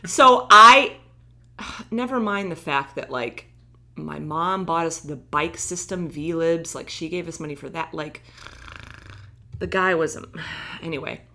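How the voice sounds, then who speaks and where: Bright-voiced woman telling a story. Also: deep voice, slow, pauses often. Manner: animated storytelling, acting out quoted lines. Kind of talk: casual chat.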